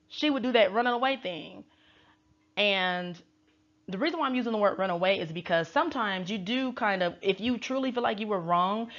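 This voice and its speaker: A woman's voice: mid-range voice, a bit bright, lo-fi sound. A woman tarot reader giving opinionated casual commentary, emphatic and repeating her points for effect. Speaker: tarot reader and reality show recapper.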